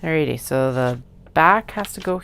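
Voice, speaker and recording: A woman's voice: low-pitched, lively intonation, moderate pace, a bit bright, a little hiss or hum. A woman chatting to herself while cutting fabric in her studio, casual and self-mocking. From Canada. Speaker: craft maker. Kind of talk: casual work-along vlog narration. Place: home sewing studio.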